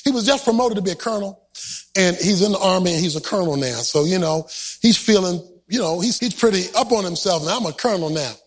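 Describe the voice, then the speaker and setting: High-voiced, husky, shouting preacher. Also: male voice, fast. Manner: rhythmic, half-sung preaching that rises to shouts. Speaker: pastor. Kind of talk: sermon.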